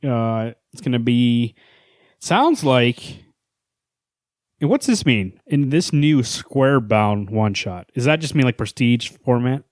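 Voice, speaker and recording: A man's voice: medium pitch, animated, slow pace, no room sound, clean studio sound. A man co-hosting a comics podcast in casual chat, playful and prone to rambling joke stories. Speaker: podcast co-host.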